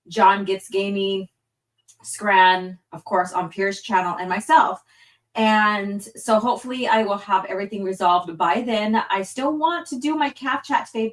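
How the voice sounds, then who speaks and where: A woman's voice: mid-range voice, distant mic. A woman hosting a casual livestream chat, rambling and apologetic with many fillers. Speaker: livestream host. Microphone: phone hotspot stream.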